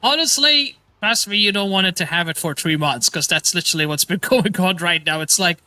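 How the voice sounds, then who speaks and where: A man's voice: sits high, brisk, pushed and bright, no room sound. A man hosting a casual livestream chat, enthusiastic and laughing often. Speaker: livestream host.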